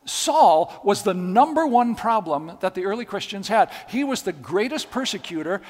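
A man's voice: high-pitched, big pitch swings, moderate pace, darkish tone. A man preaching a sermon, telling stories with emphatic, repeated phrases. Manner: storytelling, emphatic and repetitive. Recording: long hall reverb.

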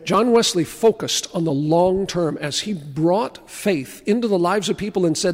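A man preaching a sermon in a notably high voice. He tells stories and slows, dropping to a hush to stress key words. The sound carries a long, spacious reverb. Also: expressive. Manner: storytelling preacher, slows and drops to a hush for emphasis. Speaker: pastor.

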